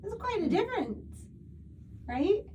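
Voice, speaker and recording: A woman's voice: extremely high pitch, sing-song, measured pace, slight background noise. A woman teaching a one-on-one singing lesson who explains patiently with lots of "like" fillers and breaks into short sung vowel demos. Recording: distant mic with loud piano music.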